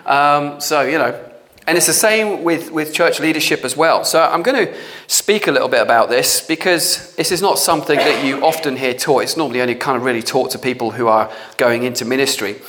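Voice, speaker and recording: A male preacher giving a blunt, animated sermon, acting out the voices of people he quotes. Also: medium pitch, a little fast.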